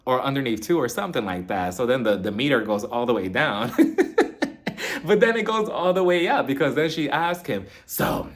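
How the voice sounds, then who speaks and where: A man's voice: medium pitch, very animated, moderate pace. A man casually reviewing a reality TV episode, acting out quotes and laughing often. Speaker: TV recap reviewer.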